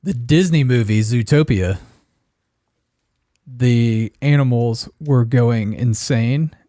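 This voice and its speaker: A man co-hosting a casual podcast chat, laughing and throwing in quick quips. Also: mid-range voice, mellow, no room sound, studio quality. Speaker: podcast co-host.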